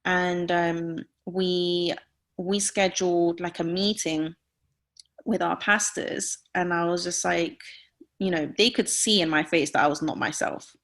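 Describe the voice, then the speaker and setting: Candid woman in her thirties, lowish voice. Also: fairly even intonation, measured pace, fairly bright tone. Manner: earnest, heavy use of "like" fillers; openly emotional, confessional. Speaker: guest. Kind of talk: candid personal storytelling.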